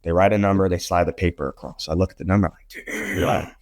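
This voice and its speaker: Deep-voiced man telling blunt stories. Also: very fast. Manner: blunt, animated storyteller who swears. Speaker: podcast guest, real estate photographer. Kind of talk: casual storytelling interview.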